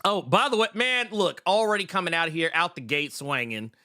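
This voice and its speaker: A man hosting a casual comic book podcast, animated and laughing often. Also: high voice, fairly quick, no echo, clean studio sound. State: out of breath. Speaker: podcast host.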